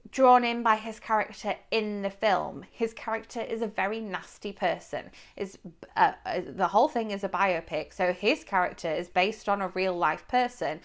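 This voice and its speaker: A woman talks through a film review to camera in a loose, chatty way. Her voice sits at an ordinary middle pitch, and she often stops on fillers and restarts her sentences as she goes. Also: unhurried. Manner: chatty, rambling with fillers and self-corrections. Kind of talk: casual spoken movie review.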